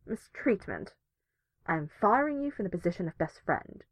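A woman's voice: fairly low pitch, animated, normal speed, gravelly, husky, heavily acted. A woman voicing a groggy young woman buried in blankets, mumbling and whiny with sleep. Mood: sleepy grumbling.

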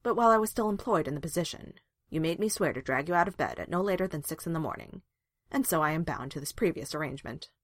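A woman voicing a wry, joking man who is a loyal best friend, in a bright, light manner. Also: sits low, expressive, fast, no room sound, studio quality. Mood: teasing.

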